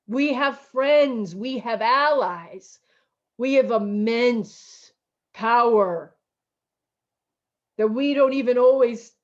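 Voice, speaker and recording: A woman pastor preaching a slow, emotional, repetitive sermon over a video call. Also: on the high side, dull audio. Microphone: video call mic.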